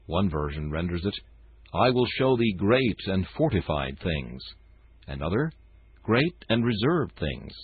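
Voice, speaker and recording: A man reading a morning devotional in a solemn, measured way. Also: low voice, slightly rough, no echo. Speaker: devotional reader. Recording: tinny phone-like dry sound.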